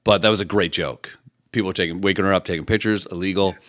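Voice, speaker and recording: A man's voice: deep voice, fairly even intonation, fast talker, a bit bright, dry recording, clean studio sound. A man co-hosting a podcast, joking crudely and reading out trivia questions to his friend. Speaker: podcast co-host. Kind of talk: crude comedic banter.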